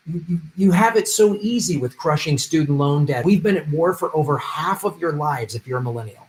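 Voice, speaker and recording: Male livestream political host with a higher voice, profane and heated, alternating grumbles and shouts between donation readouts. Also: expressive, fairly quick, hardly any pauses. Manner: profane, fired-up ranting, swings from muttering to shouting. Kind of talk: livestream rant reading viewer donations.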